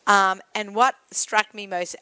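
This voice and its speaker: A woman's voice: medium pitch, steady tone, slow, sharp tone, clear, resonant tone, dry recording. A woman hosting an interview, chatting casually and enthusiastically with her guest. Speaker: podcast host.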